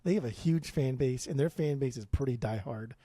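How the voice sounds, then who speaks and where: A man's voice: medium pitch, a little fast, mellow, husky, dry recording. A man in his forties from Southern California, co-hosting a podcast with blunt, profane opinions. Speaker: podcast co-host. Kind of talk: casual podcast chat.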